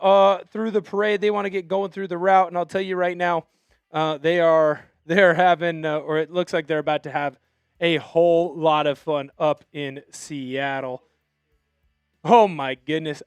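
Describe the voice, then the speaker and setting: A man hosting a live sports show, chatting excitedly with many fillers and restarts. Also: sits high, clean tone, no room sound. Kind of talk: excited casual live commentary.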